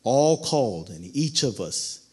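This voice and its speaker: A man's voice: medium pitch, sing-song, unhurried, dark tone, breathy edge. A man preaching a sermon, asking the listeners questions and acting out the quoted lines. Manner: dramatic, acts out quotes, asks the congregation questions.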